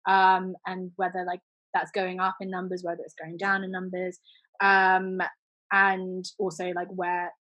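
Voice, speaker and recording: A woman's voice: medium pitch, fairly bright tone, no echo, rough recording. A young woman from the Philippines with a British accent, answering questions casually after a talk and filling her answers with ums and small laughs. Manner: chatty, lots of fillers and little laughs. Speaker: podcast host giving a talk.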